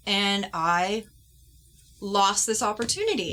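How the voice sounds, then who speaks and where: Woman vlogger, mid-pitched, earnest, heartfelt personal storytelling, halting restarts. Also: sharp tone. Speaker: doll collector vlogger.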